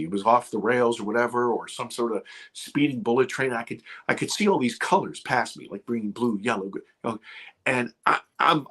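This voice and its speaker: Husky middle-aged guy spinning a dramatic story, voice drops low then jumps up, lots of restarts. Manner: dramatic, swings from loud to hushed, many restarts. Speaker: guest filmmaker. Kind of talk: animated storytelling.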